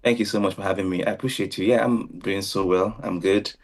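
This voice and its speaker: A man in his thirties from Nigeria with a Nigerian accent, speaking politely and softly as a contestant. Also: sits low, fairly even intonation, fast talker. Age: 30s. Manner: polite, soft-spoken. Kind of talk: casual chat.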